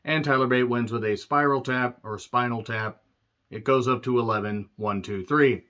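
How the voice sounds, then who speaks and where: A man's voice: medium pitch, steady tone, normal speed, fairly bright tone. Profane sarcastic man ranting, dull audio. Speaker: wrestling show reviewer. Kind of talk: ranting show review.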